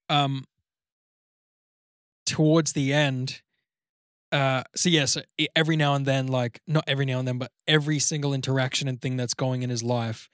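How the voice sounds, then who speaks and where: A man in casual podcast chat, animated and swearing freely, describing a story idea. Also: mid-range voice, dry recording, studio quality. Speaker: podcast co-host.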